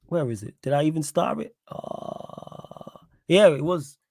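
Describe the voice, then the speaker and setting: Guy, bit husky, slangy fast football banter, dry close mic. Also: a little high, dry recording. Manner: animated, talks fast and interrupts, slangy. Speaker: co-host, Manchester United fan. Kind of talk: casual football podcast chat.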